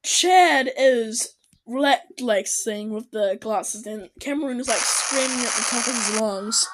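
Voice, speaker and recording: A young woman reacting to videos with excited commentary that breaks into shouts and shrieks. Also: fairly high pitch, unhurried, rough recording. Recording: loud background noise.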